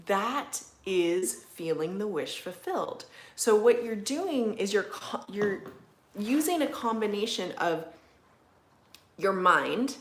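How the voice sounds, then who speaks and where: A woman hosting a casual livestream, chatting and answering viewer comments in a relaxed way with frequent "like"s and soft laughs. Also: mid-range voice, takes it slowly, roomy sound. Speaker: livestream host, manifestation coach. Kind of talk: casual live-stream chat reading viewer comments. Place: indoors at home.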